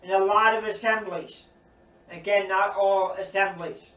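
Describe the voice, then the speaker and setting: In a recorded sermon with roomy echo and the mic far away, a man teaches earnestly and emphatically, repeating his points. His high voice is steady, unhurried and a bit bright.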